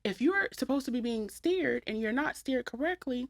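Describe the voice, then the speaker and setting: A young woman hosting a podcast, telling candid stories with animated delivery and blunt language. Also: on the high side, normal speed, vocal fry. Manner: candid, animated storytelling with profanity. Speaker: podcast host. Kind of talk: casual chat.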